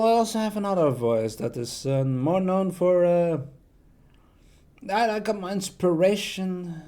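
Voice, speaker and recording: A young man on a live stream who chats slowly into a close mic. His voice sits a little high, and he rambles in a self-deprecating way with odd, non-native turns of phrase. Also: very animated, mellow. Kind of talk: casual chat showing off voices.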